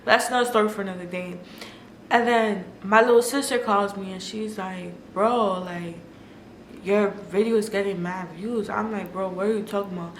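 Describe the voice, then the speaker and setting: A woman's voice: mid-range voice, fairly even intonation, normal speed. A young woman vlogger telling a personal story in a candid, casual way, with lots of "like" and cursing. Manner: candid and emotional, filler-heavy, swears freely. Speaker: food vlogger. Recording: echoey room with faint noise.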